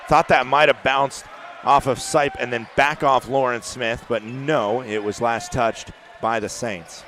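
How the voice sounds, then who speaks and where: A man doing play-by-play commentary for a basketball game, rising to shouts on big plays, with faint court noise behind him. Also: medium pitch, fairly even intonation, measured pace. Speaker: play-by-play announcer. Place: arena broadcast booth.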